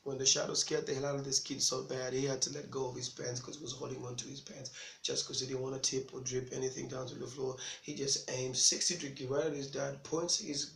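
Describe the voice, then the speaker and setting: A comedian from Africa tells a story, lively and chatty, and keeps breaking into laughter. His voice is gravelly and bright. The sound is roomy and echoey, with faint ambience behind him. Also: mid-range voice, brisk, slight background noise. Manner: animated, chatty, laughs at his own jokes. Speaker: stand-up comedian. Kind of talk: stand-up storytelling.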